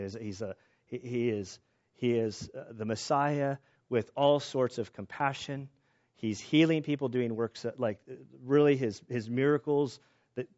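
A man's voice: medium pitch, darkish tone, highs cut off. A man teaching a Bible passage in a conversational way, thinking aloud in an earnest, musing tone.

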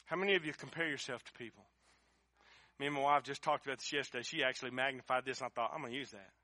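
A middle-aged man preaching a sermon, impassioned, building up to shouting at its peaks. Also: mid-range voice, very fast, dry recording. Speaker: pastor.

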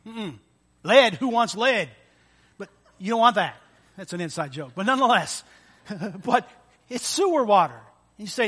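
Bright, high-voiced preaching man. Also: moderate pace, pauses often. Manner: animated preaching with acted-out voices and sound effects. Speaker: pastor. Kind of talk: sermon.

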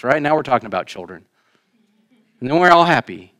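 A man delivers a sermon from the front of a church. His voice sits a little high for a man. He swings between raised, emphatic lines and quiet, chatty asides to the congregation. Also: very animated, a little fast, long pauses. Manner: conversational preaching, rising emphatic then quiet asides. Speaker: pastor. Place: church sanctuary.

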